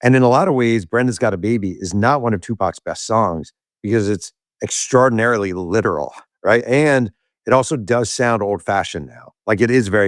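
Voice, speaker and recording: Low-voiced man telling a story. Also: brisk, no echo, studio quality. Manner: animated storyteller who acts out quoted voices. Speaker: author and podcast guest. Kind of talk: casual interview storytelling.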